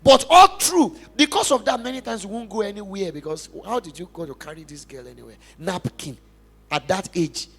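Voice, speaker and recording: High-voiced Nigerian man preaching passionately. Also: expressive, brisk. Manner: emphatic, passionate preaching with big swings in loudness. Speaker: pastor. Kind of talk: sermon testimony. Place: church.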